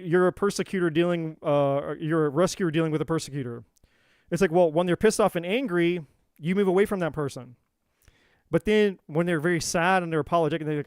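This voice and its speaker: A man hosting a live tarot stream talks in a high, lively voice, slipping into little acted-out voices as he explains. The sound is dry and close, with no room echo. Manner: animated, acts out quoted voices, casual swearing. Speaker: tarot reader and livestream host. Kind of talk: live-stream teaching talk.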